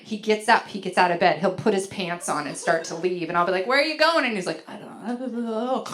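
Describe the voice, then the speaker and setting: A middle-aged woman performing a stand-up comedy set on a venue stage, telling rambling stories with lots of fillers and acting out other people's voices. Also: medium pitch. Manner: chatty, filler-heavy storytelling with big acted-out voices.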